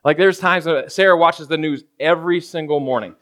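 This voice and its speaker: This pastor's voice is a little high and a bit bright, and he moves fairly quickly through a relaxed, conversational sermon. He often asks his listeners "right?" and dramatizes daily situations in character voices.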